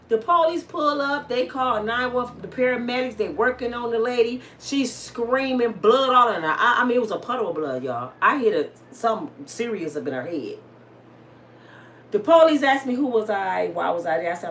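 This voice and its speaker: Animated woman telling a wild story. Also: a little high, normal speed, slight background noise. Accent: African American Vernacular English. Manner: dramatic, addresses listeners as y'all. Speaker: storyteller host.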